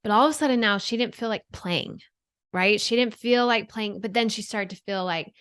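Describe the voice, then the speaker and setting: A woman's voice: mid-range voice, moderate pace, a bit bright, clear, resonant tone, no echo. Woman guest on a podcast, earnest, keeps saying right?, dry close sound. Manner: earnest, explanatory, often adds "right?". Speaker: guest expert. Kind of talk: podcast interview.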